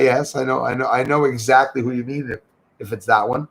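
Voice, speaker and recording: Man, gravelly voice, medium pitch, casual livestream host, chatty, reads out chat comments, greets viewers. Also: fairly even intonation, fairly quick. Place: home in Canada near the Michigan border.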